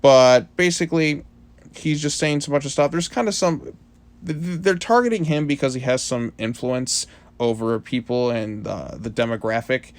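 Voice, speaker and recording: A man's voice: mid-range voice, normal speed. Casual rambling male comic reviewer. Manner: rambling, filler-heavy, casual.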